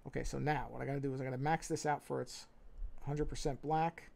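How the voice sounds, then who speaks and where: Gravelly New York man thinking aloud. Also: mid-range voice, fast. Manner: talks to himself, muttering and repeating phrases; relaxed, self-correcting. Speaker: livestreaming artist. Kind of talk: casual think-aloud commentary while drawing.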